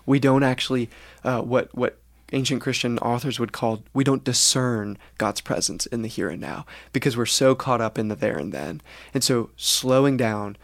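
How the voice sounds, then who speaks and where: Male podcast co-host, earnest explainer, mid-pitched, dead-dry booth sound. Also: moderate pace, gravelly, dry recording. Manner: earnest, explanatory, acts out quoted reactions. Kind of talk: reflective faith podcast talk.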